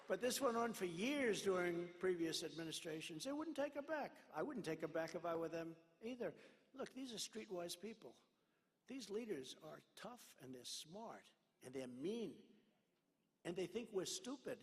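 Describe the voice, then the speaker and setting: A man with a gravelly, fairly high voice gives a rally speech and rambles through stories, acting out each exchange. His voice rolls through a large arena with a long reverb. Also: animated, normal speed. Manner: rambling storytelling that acts out dialogue. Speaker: political speaker at a rally.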